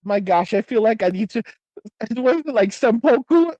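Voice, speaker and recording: A man's voice: high-pitched, animated, normal speed, dark tone, dry recording, highs cut off. A man in his forties hosting a livestream, talking bluntly and profanely in a rambling way, with frequent restarts. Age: 40s. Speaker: livestream host. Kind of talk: casual ranting livestream.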